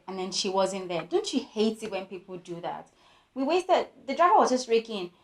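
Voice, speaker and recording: A woman's voice: medium pitch, normal speed. Young woman, storytelling vlogger, acts out quotes, echoey room. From Nigeria. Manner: animated storytelling with voiced quotes. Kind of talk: storytime vlog.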